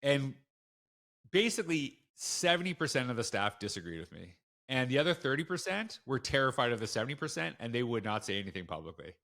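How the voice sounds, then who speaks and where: Animated, emphatic man telling a story. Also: medium pitch, a little fast, vocal fry. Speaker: school leader guest. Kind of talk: conversational storytelling.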